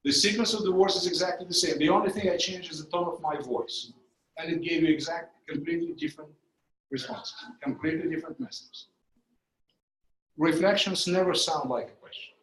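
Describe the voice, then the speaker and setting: A man with a higher, slightly bright voice delivers a brisk training lecture in a conference room, explaining ideas step by step and illustrating them with live demonstrations. The recording carries the echo of a training room.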